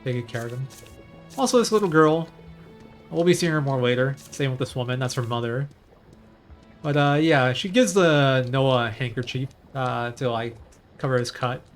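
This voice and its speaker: A man's voice: mid-range voice, normal speed. A man giving casual live commentary on his speedrun, chatting and thinking aloud while he plays. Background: game music.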